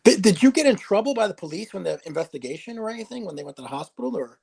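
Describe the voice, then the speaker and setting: A man's voice: high-pitched, big pitch swings, rapid-fire, vocal fry, a little mellow, slightly rough. A man hosting a podcast interview, asking questions and giving brief supportive responses. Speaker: podcast host.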